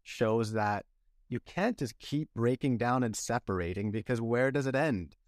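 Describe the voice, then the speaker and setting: A young man hosts a podcast in a relaxed, conversational tone and asks plenty of questions. His voice is mid-pitched. The recording is dry and close. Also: unhurried, no room sound. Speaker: podcast host. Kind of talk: casual podcast chat.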